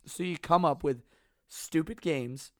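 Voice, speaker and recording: A man co-hosts a casual podcast in a slightly higher voice than most men. He talks bluntly and jokes around, swearing freely. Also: measured pace, fairly bright tone, dry recording, studio quality. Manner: blunt, profane, joking. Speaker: podcast co-host.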